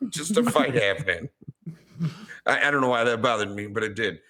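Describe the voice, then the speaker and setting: A man's voice: medium pitch, expressive, a little fast, bright, forceful tone. A young man co-hosting a podcast, ranting sarcastically and swearing often in casual chat. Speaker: podcast co-host.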